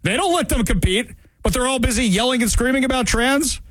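A man with a high voice hosts a talk show, running an opinionated monologue full of sarcasm and mockery. His pitch jumps up and down constantly as he talks. The sound is dry and close, with no room around it. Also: a little fast, no echo. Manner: sarcastic, mocking, animated.

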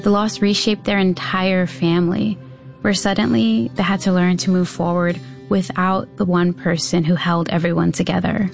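A woman reporter giving a scripted, measured news narration. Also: lowish voice, vocal fry, faint music behind. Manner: measured, even storytelling delivery.

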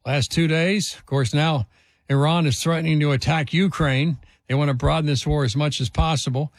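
A man's voice: fairly high pitch, no echo. A man hosting a talk radio show, delivering an indignant, emphatic monologue full of rhetorical questions.

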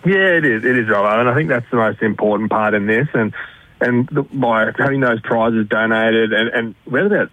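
A man's voice: mid-range voice, dry recording. An Australian man, a hospital fundraising director, talking earnestly on a radio call-in and restarting his sentences often. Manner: earnest and fast, with many restarts. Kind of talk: radio interview over the phone. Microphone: telephone. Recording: tinny dry phone line.

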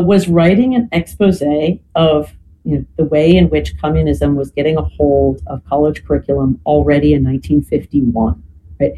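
An interview guest explains history in an unhurried, conversational way. The voice sits at a middle pitch and keeps circling back with "you know" and a checking "right?". A light hiss runs underneath. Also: warm tone, rough recording. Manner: peppers speech with "you know" and tag "right?". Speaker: podcast guest.

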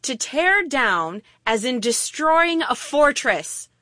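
A woman's voice: sits high, slow pace, no echo. A woman preaching a sermon, telling stories and acting out little voices as she goes. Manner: animated storytelling with acted-out voices.

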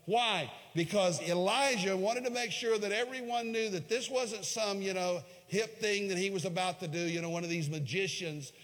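A man preaching a sermon, retelling a scripture story dramatically, swinging from hushed lines to loud, raised ones. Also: high-pitched, normal speed, few pauses. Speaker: pastor. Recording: long hall reverb.

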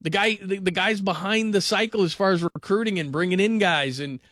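A man with a high, bright voice hosts a call-in sports radio show. He talks energetically and rambles, circling back over the same points. The studio sound is close and dry. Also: a little fast, dry recording. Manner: energetic, rambling, repeats himself.

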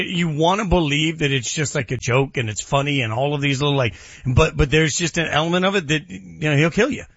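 A man's voice: on the high side, fairly bright tone, slightly rough, no room sound, dull audio. A man co-hosting a sports talk show, arguing his points emphatically and building them with repetition in casual debate.

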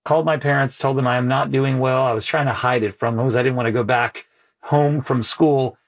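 A man's voice: medium pitch, steady tone, fairly quick. A man, a guest in an interview, earnestly telling a personal story with emphasis.

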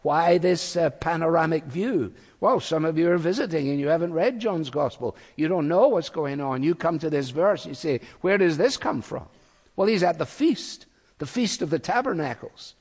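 A man preaching a sermon, speaking earnestly and slowing down to quote scripture. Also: fairly high pitch, expressive, a little mellow, husky, long reverb tail. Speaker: pastor.

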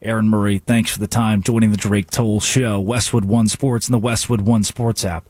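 A male sports radio host delivering an animated, sarcastic rant from a studio. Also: lowish voice, normal speed, no echo. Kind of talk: sports talk radio monologue.

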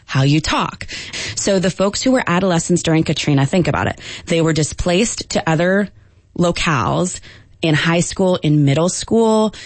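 A woman linguistics professor answering radio interview questions, explaining at a measured pace with frequent ums. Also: on the low side, dry recording.

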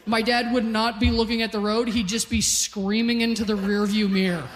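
A woman's voice: on the high side, level tone, normal speed. A woman in her forties from Calgary, doing a self-deprecating stand-up comedy set on stage. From Calgary, Canada. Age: 40s. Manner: punchy, self-deprecating storytelling. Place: comedy stage with live audience. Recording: live hall with long reverb.

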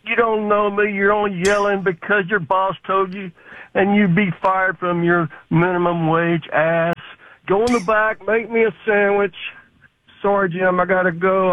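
A man's voice: sits high, dry recording. A man calling a radio show to complain, with an irritated, griping manner, heard over a phone line. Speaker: caller.

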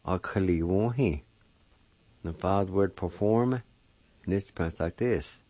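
Deep slow-spoken man teaching pronunciation. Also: mellow, no echo, muffled recording. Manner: sounds words out syllable by syllable. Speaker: language teacher. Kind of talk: pronunciation lesson.

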